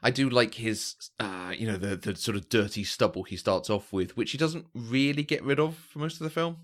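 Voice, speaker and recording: A man's voice: mid-range voice, normal speed. A man co-hosting a podcast, chatting casually about a film and often restarting his sentences as he thinks. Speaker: podcast co-host.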